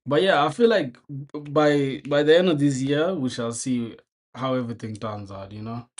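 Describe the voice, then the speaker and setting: A young man talks loosely over a coding stream, dropping slang and reading code out under his breath. His voice sits at an ordinary middle pitch, and he keeps it easygoing and unhurried. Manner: laid-back slangy talk, often laughing, mumbles code aloud. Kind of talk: casual live-stream chat while coding.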